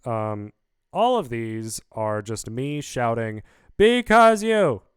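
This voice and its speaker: A man's voice: fairly low pitch, lively intonation, slow, clear, resonant tone, no room sound. A man casually explaining how he produced his song, rambling upbeat with many fillers, talking into a studio vocal mic. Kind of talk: casual video breakdown.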